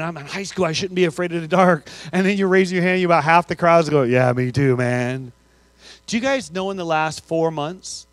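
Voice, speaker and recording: A man speaking to students at a school assembly, telling stories that swing between loud and hushed. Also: a little high, no echo. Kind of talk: motivational speech to students.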